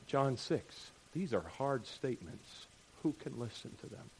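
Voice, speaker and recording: A man preaching a sermon, animated, firing off rhetorical questions and checking in with "right?". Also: mid-range voice, moderate pace, slight background noise. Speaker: pastor.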